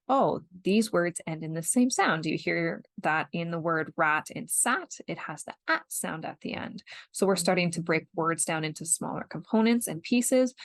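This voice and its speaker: Canadian woman, young adult, parent-educator podcast host, patient step-by-step explainer, lowish voice. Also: no echo. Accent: Canadian English. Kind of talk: instructional podcast talk.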